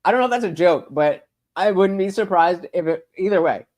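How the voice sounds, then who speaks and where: A man's voice: high voice, expressive, brisk, darkish tone. A man hosting a casual livestream, reading chat and rambling profanely with lots of stammered fillers. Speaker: streamer host reading live chat.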